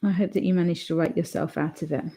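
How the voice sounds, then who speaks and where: Casting note: young woman, author host, chatty and rambling, relaxed stream talk. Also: lowish voice, quick pace. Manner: chatty, rambling with fillers and restarts. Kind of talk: casual chat reading live comments.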